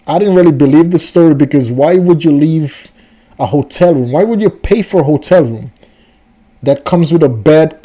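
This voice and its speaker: A man's voice: a little high, mellow. A man hosting a reaction video, commenting on a story in a rambling, incredulous and chatty way.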